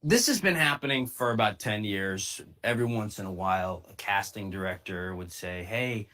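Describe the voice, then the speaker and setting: A man's voice: lowish voice, moderate pace, sharp tone. A man, an actor, recounting a story in a candid way and acting out what others said. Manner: candid, acts out the quoted speech. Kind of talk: storytelling clip.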